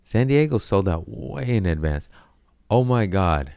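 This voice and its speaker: A man's voice: on the low side, very animated, measured pace, creaky, a little mellow, clean tone, no room sound. A man hosting his own podcast, rambling crudely in a casual monologue and laughing at his own jokes. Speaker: podcast host.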